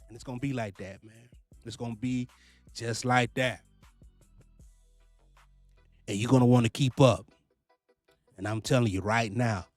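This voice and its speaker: A man, giving animated money advice to fellow truck drivers in a casual vlog. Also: medium pitch, a little slow, pauses often, dry recording, faint music behind. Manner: animated, repetitive, preachy, swears freely. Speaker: trucking vlogger, lease purchase owner-operator.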